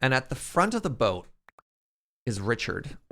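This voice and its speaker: A man streaming a game, chatting casually and telling stories in an animated way to his chat. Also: medium pitch, unhurried, slight background noise. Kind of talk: casual storytelling while playing.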